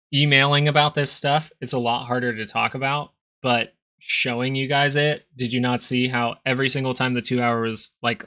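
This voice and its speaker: A young man runs a live stock market stream in a bright, forceful, mid-range voice. He offers casual, rambling chart commentary and jokes with his viewers.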